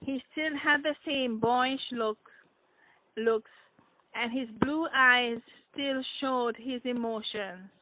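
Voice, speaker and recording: A woman author reading her own novel aloud in a measured, deliberate way. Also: high-pitched, no echo. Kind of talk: audiobook narration. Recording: tinny phone-like dry sound.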